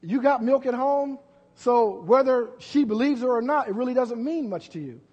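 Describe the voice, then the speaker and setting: A man preaching a sermon as pastor, full of rhetorical questions and swinging between loud and soft. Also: very high voice, lively intonation, moderate pace, highs cut off. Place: church. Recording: long church hall reverb.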